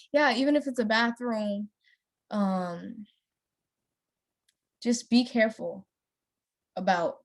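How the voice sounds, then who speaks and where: A young woman talks in a loose, chatty way while she plays a story game. She rambles from thought to thought, fills the pauses with "um" and "like", and laughs easily at small things. Her pitch sits in an ordinary middle range. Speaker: gameplay vlogger. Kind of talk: casual chat while playing a story game.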